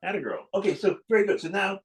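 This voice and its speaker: A man's voice: sits high, expressive, fast, rough recording. Encouraging man coaching at the piano. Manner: encouraging, sings phrases to demonstrate. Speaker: piano teacher. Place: room with a piano being played. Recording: loud piano over the voice.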